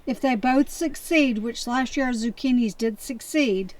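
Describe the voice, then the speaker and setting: A woman's voice: on the high side, unhurried, darkish tone. A woman chatting casually with her husband, asking skeptical questions about the planting. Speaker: co-host, wife. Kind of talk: casual chat. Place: basement seed-starting setup.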